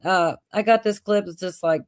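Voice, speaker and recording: A woman's voice: lowish voice, normal speed, no room sound. A woman hosting a casual livestream, rambling and laughing easily. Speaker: livestream host.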